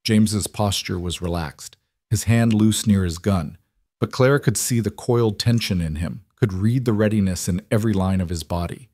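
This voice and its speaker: Low-voiced male story narrator. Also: normal speed, dry recording, clean studio sound. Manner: even, steady storytelling.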